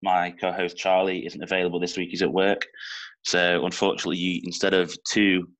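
Deep flat-voiced Manchester man. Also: a little fast, poor audio. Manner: chatty, informal, with small slips. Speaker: podcast host. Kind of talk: casual podcast interview.

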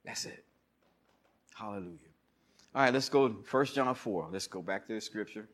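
A male pastor with a fairly low voice preaches at normal speed, swinging animatedly between loud shouts and quiet murmured asides. He leads the congregation in call-and-response and tells stories with laughter.

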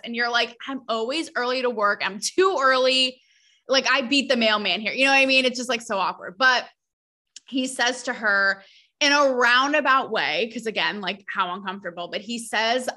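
A young woman hosting a podcast, talking in a blunt, sarcastic and animated way with quick asides. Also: fairly high pitch. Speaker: podcast host. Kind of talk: casual opinionated monologue.

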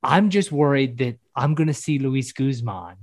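A man's voice: mid-range voice, lively intonation, normal speed, dry recording. A man from the American South chatting casually on a podcast, rambling and correcting himself as he speculates.

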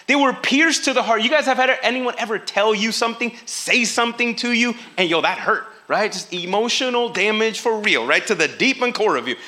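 A male preacher with a high, bright voice delivers a sermon. He is animated and casual, slips into slang and acts out the people he quotes. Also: brisk, few pauses.

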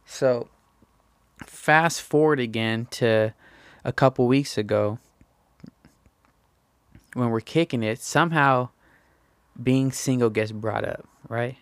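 A young man telling a rambling, slangy story, often tagging "right?" and jumping high in pitch when he quotes himself. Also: slow pace, long pauses, clear, resonant tone, dry recording. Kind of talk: casual anecdote.

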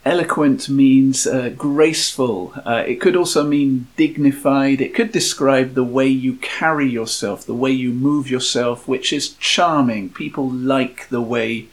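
A man co-hosting a casual talk, explaining words and ideas in a measured, steady way. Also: medium pitch. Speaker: co-host. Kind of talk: casual chat.

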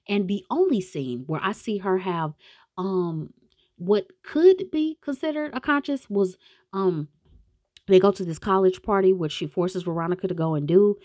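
A woman's voice: lowish voice, a little mellow, dry recording, studio quality. A young woman retelling a film's plot in a casual, rambling way, with slang and swearing. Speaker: movie reviewer.

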